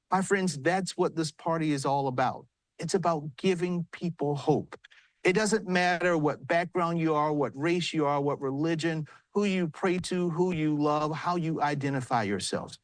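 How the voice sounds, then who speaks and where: Southern man as party chair on a remote news hit: high-pitched, dry close mic, earnest storytelling that builds to rousing remarks. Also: normal speed, no room sound. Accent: South Carolina. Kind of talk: live remarks on news broadcast. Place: large arena with commotion.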